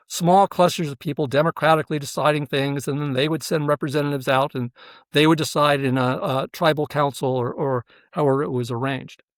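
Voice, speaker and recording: A professor and researcher, interviewed as a guest, explains his ideas earnestly in a fairly high-pitched voice. He uses frequent fillers and checks in with the listener by asking "right?" The audio is clean studio sound with no room noise.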